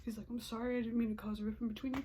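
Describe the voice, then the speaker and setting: A woman's voice: on the high side, level tone, background noise. A woman in her twenties telling a personal story to her viewers in a casual, emotional way, often dropping into whispered asides and sighs. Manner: frequent sighs and breathy pauses.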